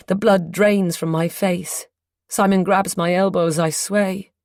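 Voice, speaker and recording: A woman reading a first-person audiobook in a measured, intimate storytelling manner. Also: on the low side, fairly even intonation, a little mellow, no room sound, clean studio sound. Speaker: audiobook narrator.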